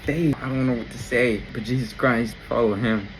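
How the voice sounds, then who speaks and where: A man giving a casual, excited faith reflection, telling the story in slangy everyday talk and exclaiming in wonder. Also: mid-range voice, moderate pace, slight background noise, rough recording. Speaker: Christian vlogger.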